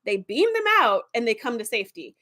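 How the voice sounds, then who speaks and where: A woman's voice: fairly high pitch, a little fast. A woman hosting a casual review video who retells TV episode plots with lots of fillers. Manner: animated plot retelling with many fillers. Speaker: video host.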